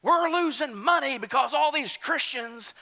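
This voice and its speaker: Rabble-rousing male crowd leader, high and loud, put on by a preacher. Bright tone, long church reverb. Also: lively intonation, unhurried, heavily acted. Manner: loud, stirring, high-pitched.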